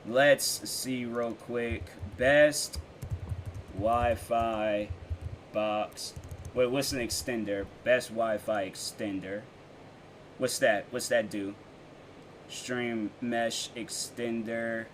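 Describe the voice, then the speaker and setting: A young man talks loosely to his viewers from his bedroom, drifting between thoughts with plenty of slang and filler words. His voice sits at an ordinary middle pitch. A faint hum of fans runs behind him. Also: steady tone, very slow. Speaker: vlogger and streamer. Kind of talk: casual rambling monologue. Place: warm bedroom with fans running. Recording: faint fan noise behind.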